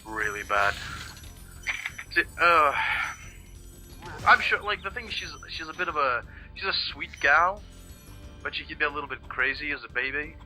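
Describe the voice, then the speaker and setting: A man's voice: fairly high pitch, moderate pace, bright, forceful tone, faint music behind. A man chatting casually over a video game, rambling, swearing freely and often hunting for the right word. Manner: rambling, profane, searching for words. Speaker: let's play co-host. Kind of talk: casual chat over gameplay.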